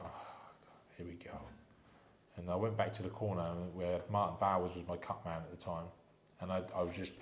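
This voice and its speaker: Fast low male guest, middle-aged, from England, lively anecdotes. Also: echoey room, a little hiss or hum. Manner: animated anecdotes, acts out quoted voices. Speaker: retired boxer, podcast guest. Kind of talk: casual storytelling chat.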